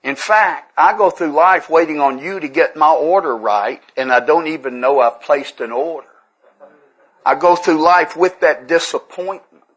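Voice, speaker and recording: A man's voice: on the high side, moderate pace, a bit bright, poor audio. A man with a Tennessee accent speaks to a recovery workshop in a somewhat raised voice. He tells folksy, humorous stories with an earnest drawl and talks straight to the room. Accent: Southern US, Tennessee. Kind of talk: folksy storytelling talk to a live group.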